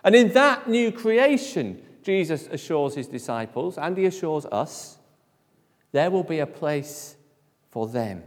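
A man preaches from the pulpit in a fairly high voice. He speaks emphatically and lets his phrases sink to a near hush. His words ring out in a long, echoing church-hall reverb. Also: big pitch swings, measured pace. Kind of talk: sermon.

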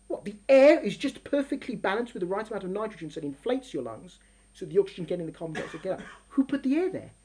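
A middle-aged woman teaching a lesson in an emphatic, animated way, full of rhetorical questions. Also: mid-range voice, fast. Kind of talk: lively classroom lesson.

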